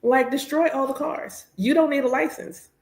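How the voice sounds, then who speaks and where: Woman in her thirties, casual chat, candid, playful, animated, echoey room. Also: sits high, moderate pace. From United States. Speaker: priestess and host. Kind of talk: casual chat while working.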